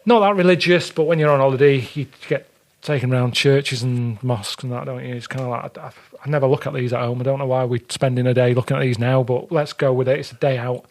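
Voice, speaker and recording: A man's voice: mid-range voice, fairly even intonation, fast talker, darkish tone. A man, a podcast guest telling blunt, grumbling anecdotes with the odd swear word in casual chat. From England.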